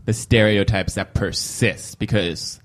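A man's voice: on the low side, fairly even intonation, measured pace. A man co-hosting a casual comedy podcast, thinking aloud as he talks. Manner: thinking aloud, many fillers and restarts.

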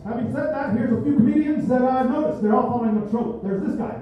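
A man's voice: extremely high pitch, fast, heavy reverb, dull audio, slight background noise. A man doing a live stand-up set in a comedy club, manic, rambling and self-mocking, secretly recorded from a distance.

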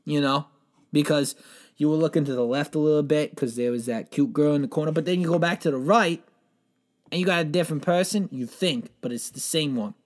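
Man, slightly higher voice, deadpan rambling comic storyteller who swears and acts out frantic quotes. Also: fairly quick. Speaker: comedic storyteller. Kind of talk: absurd improvised comedy monologue.

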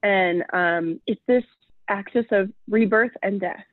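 A woman's voice: mid-range voice, a little slow, dry recording. Chatty woman on a tinny line. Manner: chatty, many filler "like"s. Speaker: podcast co-host. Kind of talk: casual astrology chat.

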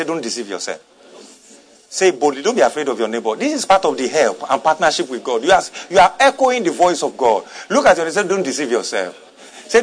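Male pastor, high-pitched and swinging in pitch, emphatic sermon delivery with repetition. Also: breathy edge. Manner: emphatic preaching, repeating and asking the congregation to respond.

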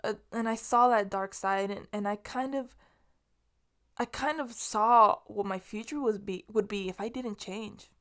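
A woman's voice: mid-range voice, steady tone, unhurried, fairly bright tone. A young woman from Los Angeles hosting her podcast alone, chatting in a rambling, casual way, swearing freely and restarting often. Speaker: podcast host. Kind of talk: casual solo monologue.

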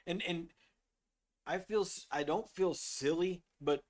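A middle-aged man talks about faith in an earnest, storytelling manner, his voice sitting a little above the usual male pitch. He now and then reads scripture aloud in the same conversational way. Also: slow. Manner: earnest, storytelling, drops to a soft voice when quoting himself. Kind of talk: faith discussion, reading scripture.

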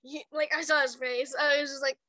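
Giggly high-voiced young woman rambling. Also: level tone, brisk, bright, forceful tone, no room sound. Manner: giggly, rambling storyteller who acts out quotes. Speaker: chat partner. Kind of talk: casual chat.

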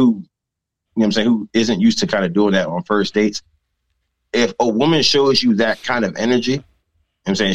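A man's voice: lowish voice, low-quality recording. A man co-hosting a podcast in a loose, profane casual chat, laughing often as he talks.

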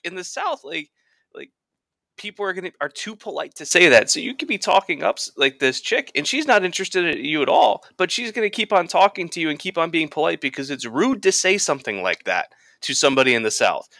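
A man co-hosting a podcast, spinning a story with lively swings in pitch and a bright, forceful tone. His voice sounds close and dry. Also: fast talker, vocal fry, no echo. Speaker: podcast co-host. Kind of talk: casual podcast chat, storytelling.

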